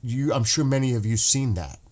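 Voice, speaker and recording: A man's voice: medium pitch, normal speed, darkish tone. A man hosting a casual livestream, talking emotionally and passionately, swearing and restarting his sentences as he goes. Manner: rambling with restarts. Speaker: livestream host.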